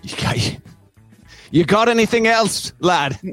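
A man's voice: high-pitched, animated, slow, a bit bright, dry recording, soft background music. A man co-hosting a sports podcast in a put-on Australian accent, joking as he rattles off game listings. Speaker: podcast co-host. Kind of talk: casual sports podcast chat.

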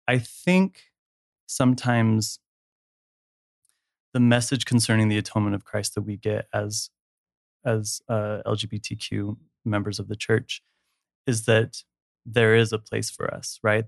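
A man's voice: on the low side, creaky, no room sound, clean studio sound. A man speaking candidly and emotionally as a guest in a personal conversation, laughing easily.

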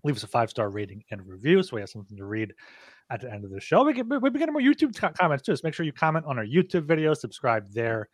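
A man co-hosting a podcast, reading the show plugs in a lively, upbeat way. His pitch moves a lot, and the recording is dry and close with no room echo. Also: quick pace. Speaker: podcast co-host.

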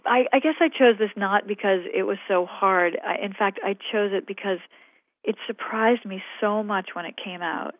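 A woman's voice: medium pitch, moderate pace, no room sound. A woman novelist talking thoughtfully and hesitantly about her writing, and reading aloud from her own novel. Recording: phone-like radio line.

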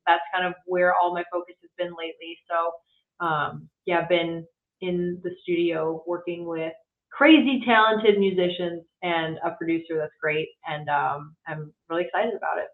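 A woman's voice: fairly low pitch, fairly even intonation, moderate pace. A woman who is a guest musician, chatting casually and hesitantly with many fillers. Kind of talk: casual chat. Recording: tinny phone-like line in a roomy space.

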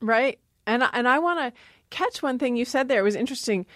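A woman's voice: on the high side, expressive, a little fast, a bit bright, no room sound. Woman linguist explaining grammar, dry close sound, laughs a bit. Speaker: linguist guest. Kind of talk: interview talk.

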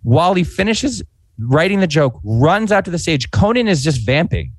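A man in his forties telling an anecdote in animated, casual podcast chat, peppered with fillers. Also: a little high, no room sound. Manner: animated, fast-paced anecdote with frequent "like" fillers. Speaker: podcast guest, former comedy writer. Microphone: podcast microphone.

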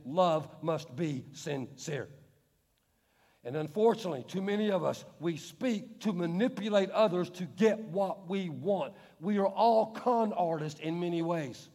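High-voiced male pastor in a reverberant hall. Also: lively intonation, mellow. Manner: emphatic, rhetorical questions, slows to stress words. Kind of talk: sermon. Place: large church hall with screen.

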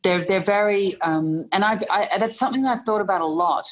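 A woman's voice: medium pitch, fairly quick. A middle-aged Australian woman, an actress in an interview, telling anecdotes with frequent laughter and fillers. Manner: laughs often while telling stories, hesitant fillers.

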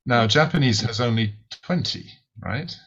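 A man's voice: mid-range voice, lively intonation, normal speed, fairly bright tone. A British man, a podcast guest and author, explains ideas in a lecturing way, often checking in with "right?" and repeating words as he starts sentences. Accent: British English. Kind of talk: explanatory interview answer. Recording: muffled lo-fi audio.

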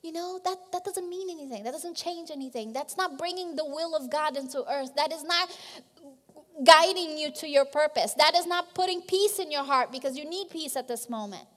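A woman's voice: high voice, normal speed, fairly bright tone, big-room sound. A woman pastor giving a conversational sermon, emphatic and direct, often restarting mid-phrase.

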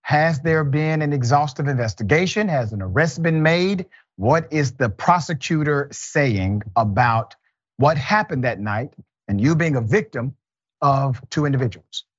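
Male show host, husky voice, announcer-style delivery, dull dry studio sound. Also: on the high side, lively intonation, a little slow, dry recording. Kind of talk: interview show hosting.

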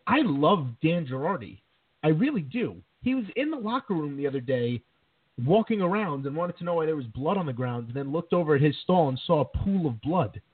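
A man co-hosting a casual podcast, rough and husky in tone, launching into animated mock-dramatic rants. His voice comes through thin and tinny, like over a phone line, with no room sound at all. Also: fairly high pitch, dry recording. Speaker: podcast co-host. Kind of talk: casual chat.

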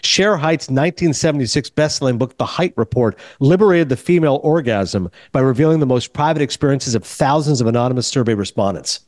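A middle-aged man hosts a podcast and rattles through a long anecdote at high speed, acting out every exchange as he goes. The recording is dry and close, with no room sound. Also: brisk, hardly any pauses, dry recording. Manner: rambling, animated anecdote with quoted dialogue. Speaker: podcast host. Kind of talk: casual storytelling chat.

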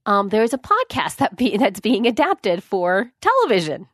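A woman co-hosting a podcast in casual chat, chatty and excitable, often saying "dude". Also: mid-range voice, moderate pace, dry recording, clean studio sound. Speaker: podcast co-host.

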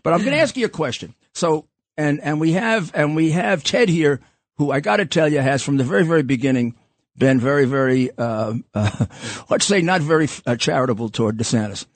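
Older New man hosting a chat show, lively pitch, animated and quick to laugh. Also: no echo. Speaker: talk show host. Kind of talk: casual political talk show.

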